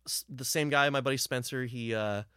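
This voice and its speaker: A man's voice: mid-range voice, brisk, sharp tone, clean tone, no echo, clean studio sound. A man casually telling a rambling road story from touring with his band, swearing freely.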